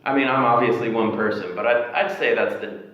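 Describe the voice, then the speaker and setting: A man's voice: on the low side, fairly even intonation, a little fast, a bit bright. An American man chatting casually in an interview, rambling and easygoing as he explains his views. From United States. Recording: echoey dull room with faint noise.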